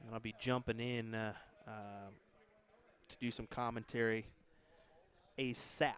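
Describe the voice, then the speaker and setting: A man's voice: on the low side, little pitch movement, measured pace, fairly bright tone, clean tone. A man with an American accent hosting casual live-stream darts commentary, chatting with viewers between matches. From United States.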